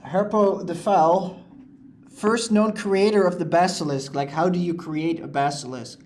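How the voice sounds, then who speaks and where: A man's voice: high-pitched, fairly even intonation, measured pace, darkish tone, slight background noise. A man giving casual, rambling commentary over a video game playthrough, filling his sentences with "like" and "uh". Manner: rambling, lots of "like" and "uh" fillers. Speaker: let's play host.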